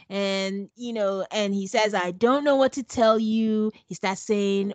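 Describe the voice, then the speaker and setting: A woman co-hosting a podcast, recapping a reality show in a sarcastic, animated, chatty way. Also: mid-range voice, slow, few pauses, no echo. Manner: sarcastic, animated storytelling with acted quotes. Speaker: podcast co-host. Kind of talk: casual recap chat.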